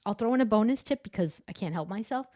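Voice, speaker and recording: An enthusiastic woman speaks as a guest over a video call, explaining with energy. She talks in a lively, chatty teaching manner, often using filler words. Her voice sits at a middling pitch. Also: quick pace. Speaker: guest, adjunct professor of public speaking. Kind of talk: casual interview chat.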